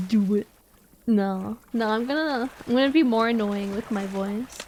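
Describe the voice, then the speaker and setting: A woman's voice: a little high, takes it slowly, darkish tone, a little hiss or hum. A young woman streaming a game live, chatting casually, laughing often and answering her chat.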